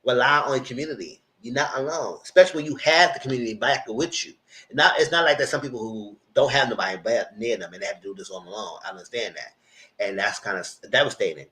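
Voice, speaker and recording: A man's voice: mid-range voice, fast, fairly bright tone, low-quality recording. A man hosting a live TV review, recapping episodes in a chatty, rambling way. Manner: chatty, rambling, slips into character voices. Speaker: TV review host. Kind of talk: casual TV recap commentary.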